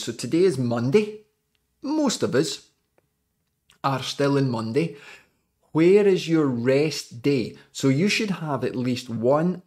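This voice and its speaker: A man's voice: medium pitch, darkish tone. Scottish man, forties, cycling coach, chatty live podcast, joking with viewers. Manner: jokey and chatty.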